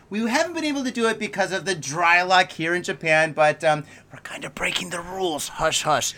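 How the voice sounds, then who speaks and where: A man hosting a casual podcast, a little tipsy, loud, joking and swearing freely. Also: high-pitched. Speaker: podcast host. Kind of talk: rowdy casual chat.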